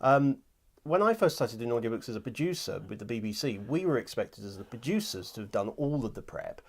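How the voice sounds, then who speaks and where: Male host, mid-pitched, chatty and self-deprecating, casual studio interview. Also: very animated, brisk, husky. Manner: jokey, chatty, laughs easily. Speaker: host and audiobook producer. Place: recording studio.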